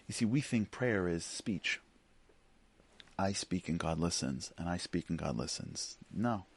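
A middle-aged man giving a sermon as a Jewish teacher, telling a story in an animated way and acting out the voices. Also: low voice, slightly rough.

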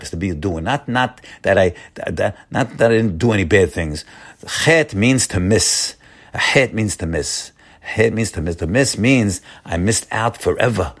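A man giving an informal Torah talk as a religious teacher. He speaks in a folksy way, repeats his key points, often addresses his listeners as friends, and frequently stops and restarts his sentences. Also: on the low side. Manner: hesitant restarts and stammered repetitions.

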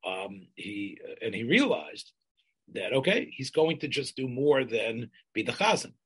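An older man telling a community history in an oral history interview, halting and restarting often, sprinkling in Yiddish and Hebrew terms. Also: medium pitch, very animated, slightly rough, poor audio.

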